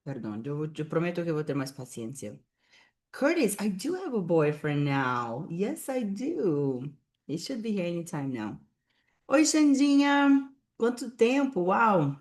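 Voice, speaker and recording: A woman's voice: deep voice, very animated, normal speed. A woman fitness coach chatting casually on a livestream from home, rambling and greeting viewers by name, recorded through a laptop webcam. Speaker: fitness coach and bodybuilding competitor. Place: at home, with cats nearby. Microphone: laptop or webcam on a video call.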